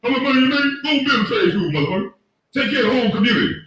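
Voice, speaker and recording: A man's voice: very high voice, very animated, rapid-fire, sharp tone. A man, ranting on camera as an online commentator in a profane, mocking, confrontational way. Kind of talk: ranting monologue. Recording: very echoey room, far from the mic.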